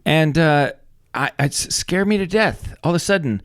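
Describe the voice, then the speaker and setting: Animated male podcast co-host. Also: on the high side, moderate pace, dry recording, clean studio sound. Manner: animated storyteller, acts out yelling people. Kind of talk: casual chat.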